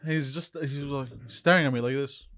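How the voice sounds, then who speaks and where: A man's voice: medium pitch, steady tone, moderate pace, fairly bright tone, dry recording. A man on a comedy podcast, telling a rambling story in casual banter. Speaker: podcast co-host.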